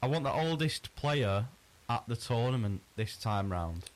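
A man's voice: mid-range voice, lively intonation, a little slow. Easygoing man running a casual quiz. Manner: chatty, easygoing, frequent restarts. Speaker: quizmaster. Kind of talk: casual podcast chat.

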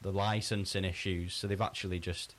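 A man hosting a casual quiz on a podcast, chatty and relaxed, often restarting his sentences. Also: sits low, a little fast, a little hiss or hum. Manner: chatty, easygoing, frequent restarts. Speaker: quizmaster.

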